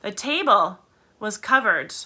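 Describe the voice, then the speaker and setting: A woman reads a children's storybook aloud with an expressive, animated delivery. Her voice is bright and swings widely, and she pauses to fix her own slips. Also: medium pitch. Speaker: reader. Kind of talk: reading a children's book aloud.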